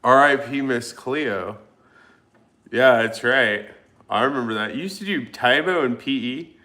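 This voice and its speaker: A man's voice: mid-range voice, unhurried, sharp tone. A man hosting a livestream, chatting casually and reading viewer comments in a laid-back, joking and profane way. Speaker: livestream host. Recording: echoey room.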